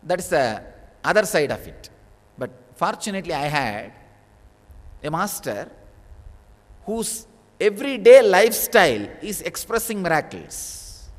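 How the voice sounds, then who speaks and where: A man's voice: high-pitched, big pitch swings, unhurried, pauses often. A man giving a spiritual discourse as a teacher, telling a story with sudden bursts of emphasis. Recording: long reverb of a large hall.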